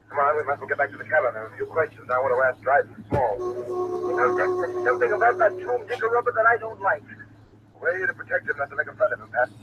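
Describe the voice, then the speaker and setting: A man playing a steady, no-nonsense detective. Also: mid-range voice, natural voice. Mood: brisk. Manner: level-headed, brisk, authoritative. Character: calm, firm male police detective. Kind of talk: 1940s radio acting. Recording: dull old radio recording with faint hiss.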